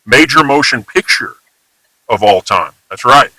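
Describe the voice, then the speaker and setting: A man's voice: medium pitch, expressive, unhurried, sharp tone, no echo, poor audio. A man from Houston with a Texan accent, talking in an emphatic, rambling, casually profane monologue. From Houston, Texas. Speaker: vlogger.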